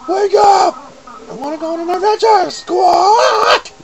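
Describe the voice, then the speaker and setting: A man voicing a loud, bossy bird sidekick who squawks and shouts. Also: very high-pitched, expressive, takes it slowly, music in the background, pitched above the performer's own voice, exaggerated voice, low-quality recording. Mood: pushy.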